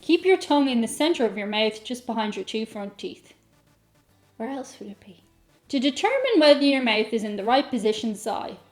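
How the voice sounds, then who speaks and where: A woman's voice: a little high, sing-song, brisk, hardly any pauses. Playful Irish woman, chatty vlogger. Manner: playful, self-mocking, reads aloud and riffs. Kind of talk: casual comedic chat to camera.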